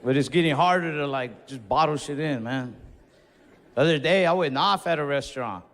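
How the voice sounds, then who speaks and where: A man's voice: on the high side, moderate pace, fairly bright tone. Young man telling stand-up stories on stage. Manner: casual, conversational storytelling with Spanish asides. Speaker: stand-up comedian. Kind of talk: stand-up routine. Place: comedy club stage before a laughing audience. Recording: live stage mic with long hall reverb.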